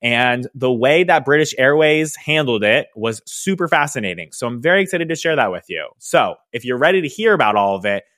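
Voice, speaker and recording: A young man hosting a podcast, telling a story in a casual, animated way with lots of fillers. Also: mid-range voice, fairly quick, hardly any pauses, no room sound, studio quality. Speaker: podcast host, hairstylist business educator.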